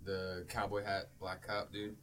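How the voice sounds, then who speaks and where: A man's voice: low voice, level tone, measured pace, fairly bright tone. A man co-hosting a casual movie review podcast, blunt and profane, acting out characters' lines. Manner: blunt, swears a lot, acts out characters' lines. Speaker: podcast co-host.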